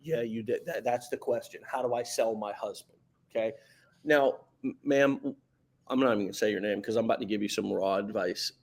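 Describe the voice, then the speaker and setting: A man's voice: medium pitch, fairly quick, darkish tone. A man hosting a podcast in casual motivational talk, emphatic and slangy, stumbling and repeating words as he gets going. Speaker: podcast host.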